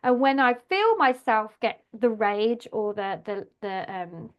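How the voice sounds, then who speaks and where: A woman's voice: on the high side, expressive, slow pace, lo-fi sound. A woman hosting a podcast, speaking in a candid, casual monologue, swearing freely and repeating words for emphasis. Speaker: podcast host.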